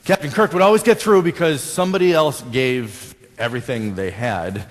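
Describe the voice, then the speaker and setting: A man's voice: medium pitch, moderate pace. Male American pastor, chatty sermon delivery with questions to the pews, long church reverb. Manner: conversational, asks the congregation questions. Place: church sanctuary.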